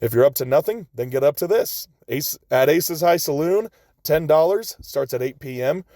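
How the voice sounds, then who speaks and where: A man hosting a podcast, reading out upcoming gigs in a laid-back way with frequent chuckles and quick asides. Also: on the high side, lively intonation, warm tone, no echo, studio quality. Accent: American. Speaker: podcast host. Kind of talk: casual show listings.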